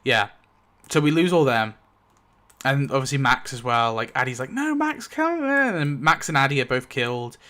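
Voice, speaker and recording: A man's voice: medium pitch, normal speed, bright, forceful tone. A man hosting his video, casually narrating a story rewrite decided by dice rolls, rambling with lots of fillers and little chuckles. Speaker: YouTube host.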